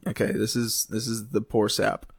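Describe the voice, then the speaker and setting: A young man co-hosting a casual podcast who jokes around and reads a post aloud haltingly, stumbling over the words. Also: on the low side, flat delivery, vocal fry, husky, no echo, clean studio sound. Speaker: podcast co-host. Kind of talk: casual chat, reading posts aloud.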